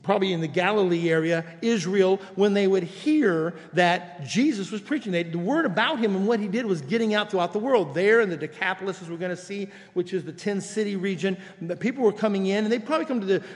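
A man's voice: high voice, lively intonation, a little fast, few pauses, big-room sound. A man preaching a sermon as pastor, explaining scripture in a conversational way and reading quoted passages aloud. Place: church sanctuary.

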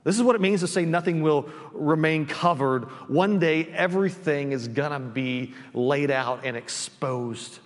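A man's voice: on the high side, measured pace, few pauses, big-room sound. A man preaching a sermon as pastor, conversational, with frequent restarts and "right?" tag questions, recorded in a church. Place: church sanctuary.

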